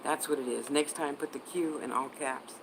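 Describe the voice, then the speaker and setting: Woman psychic hosting a livestream, lower-pitched, chatty with viewers, faint noise behind. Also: fairly even intonation, normal speed. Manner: chatty, answers viewer comments, spells words out. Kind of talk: casual livestream chat.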